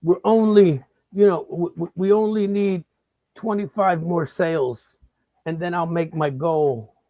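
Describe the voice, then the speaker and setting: A man's voice: high-pitched, steady tone, a little slow, no echo, narrow, tinny audio. A man briefly mimicking a young girl selling cookies, coaxing and hesitant. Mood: pleading.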